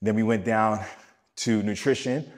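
A man's voice: fairly low pitch, fairly even intonation, measured pace. A man talking as a wellness coach on a podcast, emphatic, repeating his key points and speaking straight to the listener. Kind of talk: podcast teaching talk.

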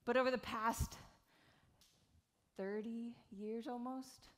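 On an event stage, a woman in her 40s from South Carolina, USA, paints at speed while giving a frank, jokey keynote to the crowd. Her voice is a little high and her pace slow, with a faint hiss or hum. She's lively and swears casually.

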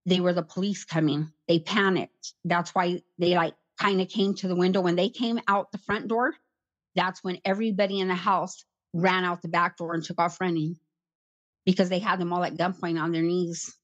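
A middle-aged woman recounting a personal ordeal in an interview, talking plainly and haltingly and repeating herself. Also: lowish voice, steady tone. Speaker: interview guest, survivor. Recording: slightly muffled recording.

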